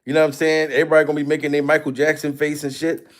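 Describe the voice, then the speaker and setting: Male livestream host with a high voice. Loose and profane, laughs a lot, thanks donors. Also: level tone, racing. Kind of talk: casual livestream chat.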